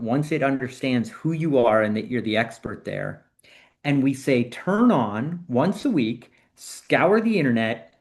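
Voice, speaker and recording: Man, podcast guest, animated explainer, mid-pitched voice, shifting pace. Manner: animated explainer, speeds up and slows down to stress points. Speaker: AI consultant guest.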